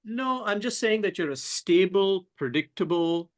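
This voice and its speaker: A man's voice: high voice, expressive, a little slow. A man moderating a webinar panel discussion, asking provocative questions in a rambling way and often repeating words as he thinks.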